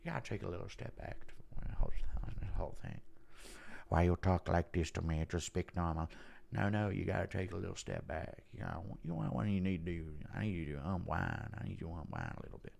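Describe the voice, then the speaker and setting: A man doing a laid-back movie star with a put-on Texas drawl, low, slow and breathy. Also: sing-song, darkish tone, full character voice. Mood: soothing.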